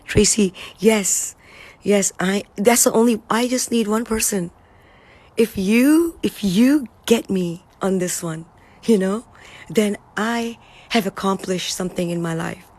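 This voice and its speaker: A woman hosting a casual spiritual livestream from England, earnest and excitable, sometimes dropping to a whisper for emphasis. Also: mid-range voice, measured pace. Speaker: livestream host. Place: indoors, live stream in England.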